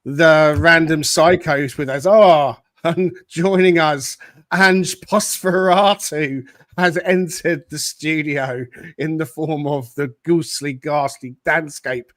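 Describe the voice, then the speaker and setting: A man hosting a football podcast, reading a spooky dramatic intro and then chatting quickly and casually. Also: fairly high pitch, steady tone, a bit bright, no echo. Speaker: podcast host. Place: Nottingham podcast studio.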